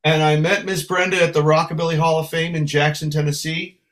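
A man from San Francisco, a guest musician telling lively anecdotes in a casual interview. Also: on the high side, brisk. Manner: lively storyteller, acts out voices.

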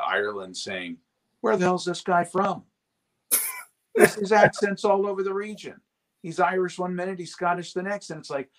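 In a casual interview, a guest voice actor with a husky, mid-range voice speaks animatedly and keeps sliding into character voices.

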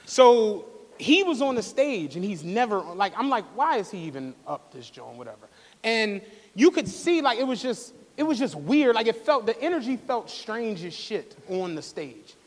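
A man co-hosting a live podcast, telling a profane, animated story and acting out the quotes. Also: high-pitched, moderate pace. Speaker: podcast co-host. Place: live stage show in a studio venue. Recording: long hall reverb from a live venue.

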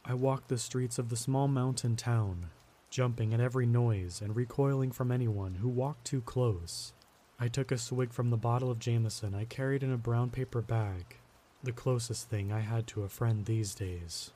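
A man narrating a first-person horror story in a steady, grim storytelling manner. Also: medium pitch, normal speed.

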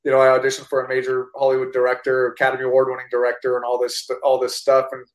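A man, a guest actor, telling a story in casual chat, animated and profane with lots of restarts. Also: mid-range voice, very fast, roomy sound, poor audio.

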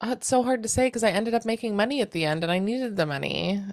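A woman's voice: mid-range voice, fast, dry recording, clean studio sound. Woman telling a chaotic day story. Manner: animated storytelling with casual swearing; acts out others' lines in quoted voices. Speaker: podcast co-host. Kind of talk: casual chat.

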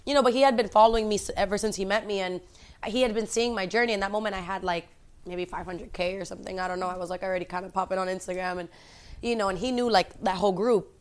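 A woman's voice: medium pitch, fairly even intonation, quick pace. A woman in her twenties, a guest and actress, chatting casually in an interview, rambling and filling her talk with "like" and "you know". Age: 20s.

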